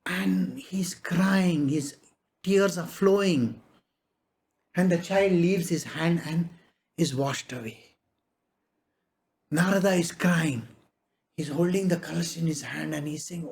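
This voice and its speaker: Slow, chuckling spiritual storyteller. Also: mid-range voice, creaky, a little mellow. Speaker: spiritual master. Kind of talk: devotional discourse with storytelling.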